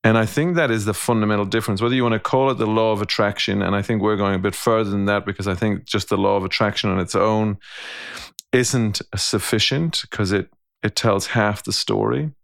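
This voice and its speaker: Male podcast co-host, low gravelly register, reflective storyteller. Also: fairly even intonation, brisk, no room sound, clean studio sound. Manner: thoughtful, storytelling, frequent restarts. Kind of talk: casual reflective conversation.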